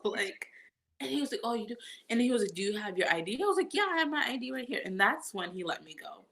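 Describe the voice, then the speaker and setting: Bright-voiced woman telling a lively story. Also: a little high, quick pace, vocal fry, slight background noise. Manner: animated storytelling, acts out quotes, laughs often. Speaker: guest vlogger. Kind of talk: casual chat.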